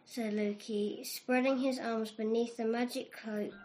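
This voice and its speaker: A woman's voice: fairly high pitch, fairly even intonation, measured pace, poor audio. Woman narrating a tale over music. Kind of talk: storybook narration.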